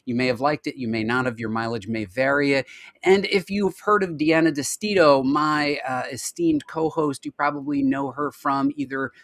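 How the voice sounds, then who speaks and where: A man's voice: mid-range voice, normal speed, fairly bright tone, dry recording. A man hosting a live video-call show, chatting casually and joking as he reels off lists. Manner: chatty and jokey, rattling off lists. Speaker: podcast host. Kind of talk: casual live-stream chat.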